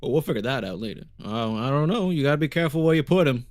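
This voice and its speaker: A man's voice: medium pitch, expressive, fast. A man player in a tabletop game, chatting in an offhand, unsure way. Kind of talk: casual table talk.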